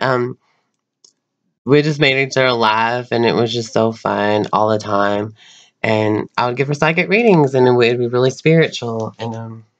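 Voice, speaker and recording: A young man vlogs to his camera at home, telling stories in a halting, rambling way, full of ums and restarts. His voice is gravelly, with a creaky edge. He is mid-range in pitch and giggles easily. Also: lo-fi sound. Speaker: vlogger. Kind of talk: rambling personal storytelling.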